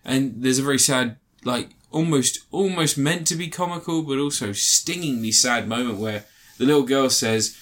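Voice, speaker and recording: A man's voice: mid-range voice, moderate pace, hardly any pauses, fairly bright tone. A young man co-hosting a podcast, rambling through a film summary with many restarts and fillers. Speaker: podcast co-host reviewing a film. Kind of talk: casual chat.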